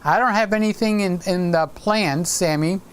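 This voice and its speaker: A man's voice: sits high, moderate pace, clean tone. A man in his late sixties hosting a casual live stream, rambling and stopping to greet viewers by name. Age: 60s.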